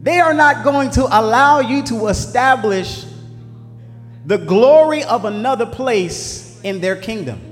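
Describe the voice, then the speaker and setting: A man preaching a sermon, swinging between shouted lines and low asides in call-and-response style. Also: animated, unhurried. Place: church sanctuary. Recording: echoey hall with faint music.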